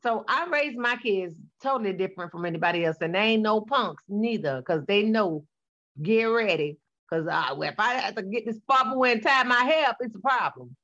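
A woman's voice: mid-range voice, animated, normal speed, fairly bright tone. Woman in her forties, sassy blunt storyteller, casual talk, slightly muffled recording. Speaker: guest. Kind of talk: casual conversation.

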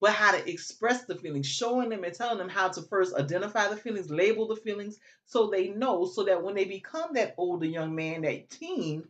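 A woman's voice: medium pitch, animated, brisk, few pauses, muffled recording. A woman hosting a casual talk. She speaks earnestly and with emphasis, thinking aloud as she builds toward her point. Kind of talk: casual chat.

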